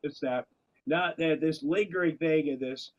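A man chats casually, wandering off on tangents and restarting his sentences. His voice sits fairly high. The recording sounds dull and lo-fi. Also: a little slow. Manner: rambling, digressive, many restarts. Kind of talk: casual conversation.

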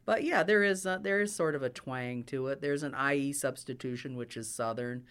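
Smooth-voiced man, an accent coach. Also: mid-range voice, moderate pace, fairly bright tone. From United States. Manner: explanatory, enthusiastic about accents. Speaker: actor and dialect coach. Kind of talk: interview answers.

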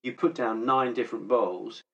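A man co-hosting a veterinary podcast in casual chat, measured as he proposes ideas. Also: mid-range voice, bright, forceful tone, lo-fi sound.

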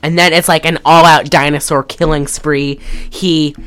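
Woman host with a very low voice; loose, profane, filler-heavy recap chat. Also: flat delivery, moderate pace, a bit bright, clear, resonant tone. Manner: rambling, profane, lots of fillers. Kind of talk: casual movie recap chat.

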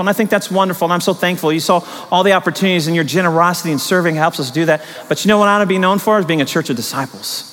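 A man preaching from the pulpit of a large church, moving between relaxed storytelling and rousing, emphatic calls to his congregation. His voice sits a little high for a man, and it rings out with a long hall echo. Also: racing, hardly any pauses. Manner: storytelling, building to emphatic exhortation. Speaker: pastor. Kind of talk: sermon.

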